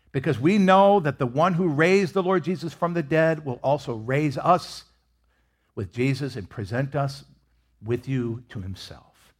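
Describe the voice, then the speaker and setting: Husky guy preaching a sermon, goes big and loud then drops almost to a whisper. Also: a little high. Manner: expressive, swings between loud emphasis and hushed near-whispers. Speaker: pastor.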